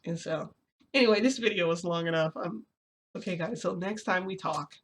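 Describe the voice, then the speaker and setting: A vlogger venting casually to viewers, rambling and confessional with lots of restarts and fillers. The voice has a gravelly, creaky edge at a middling pitch. Faint noise hums beneath it. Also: normal speed, a bit bright. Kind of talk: casual vlog chat, venting.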